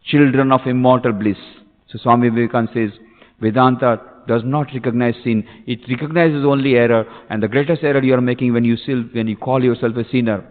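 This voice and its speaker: A man's voice: mid-range voice, fairly even intonation, fast. Give me a man delivering an impassioned spiritual sermon, with a tinny, phone-like sound and long hall reverb. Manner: impassioned, repeating phrases for emphasis. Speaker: monk giving a discourse. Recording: tinny recording in an echoey hall.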